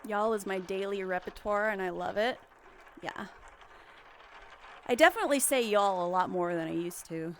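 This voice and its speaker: A woman's voice: mid-range voice, normal speed, long pauses, slight background noise. A young woman livestreaming, chatting casually and rambling with giggles and restarts.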